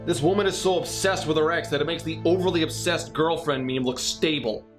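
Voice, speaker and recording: A man's voice: fairly high pitch, brisk, faint music behind. A man narrating a scripted comedic movie review with sarcastic, mocking asides.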